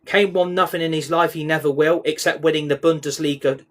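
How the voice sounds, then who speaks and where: A man's voice: fairly high pitch, steady tone, brisk. A man ranting angrily on a live stream reaction, swearing, repeating himself and reading viewer comments aloud. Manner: angry, repetitive ranting with swearing.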